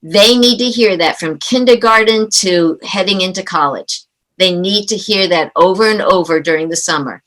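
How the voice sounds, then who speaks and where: A middle-aged woman with a bright, forward voice, talking as a parenting coach in an interview. She tells stories with animation and plays out the dialogue. Her pitch stays in an ordinary middle range for a woman. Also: normal speed, low-quality recording. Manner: animated storyteller who acts out quoted dialogue. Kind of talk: conversational interview.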